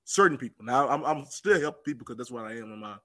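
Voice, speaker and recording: A man telling a story as a podcast guest, animated, and repeating phrases for emphasis. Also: mid-range voice, fast. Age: adult with children. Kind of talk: casual storytelling.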